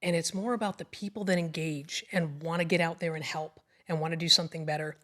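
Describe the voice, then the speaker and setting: A woman's voice: deep voice, steady tone, quick pace. A middle-aged woman being interviewed in a TV studio, telling stories in a positive, upbeat way. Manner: upbeat, warm storyteller. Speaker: guest, river cleanup organizer.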